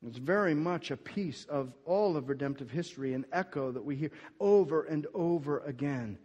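A man preaching a sermon, going from quiet scripture reading to loud, emphatic declarations, with frequent restarts. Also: on the high side, expressive, normal speed, few pauses, slightly rough. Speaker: pastor. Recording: long hall reverb.

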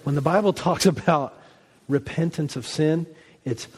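A man preaching a sermon, telling a story with animated delivery and acting out quoted lines. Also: fairly high pitch, unhurried, breathy edge, in a large hall. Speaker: pastor.

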